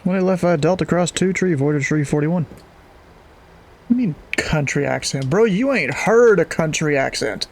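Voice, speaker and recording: Laid-back slangy man, slightly high voice. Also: normal speed. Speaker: streamer flying online as pilot. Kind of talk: casual chat and pilot radio calls.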